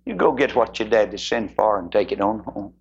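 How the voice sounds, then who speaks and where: A kind, gentle grown man , as a preacher acts him out, speaks softly to reassure a child. His tone is gravelly and husky. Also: lowish voice, lively intonation, fairly quick, highs cut off, pitched below the performer's own voice, exaggerated voice. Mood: reassuring. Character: kind, fine-looking grown man comforting a boy.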